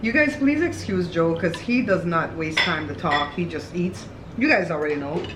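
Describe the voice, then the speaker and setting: She's a chatty mukbang host eating at her home table and addressing viewers head-on, her lowish voice expressive and moderately paced. Captured by a camera on the table, the sound is very noisy, with dishes clattering around a roomy room.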